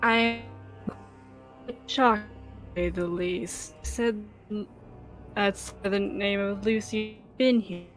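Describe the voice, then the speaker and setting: A woman role-playing her character at a slow, deliberate pace. Her speech is halting and formal, with faint music behind. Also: mid-range voice, fairly even intonation. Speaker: player.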